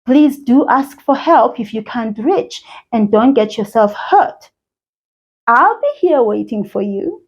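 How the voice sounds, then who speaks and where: A woman's voice: on the high side, lively intonation, slow, slightly rough, highs cut off. A woman teaching a children's language lesson, cheerful and sing-song, talking straight to a child viewer. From South Africa.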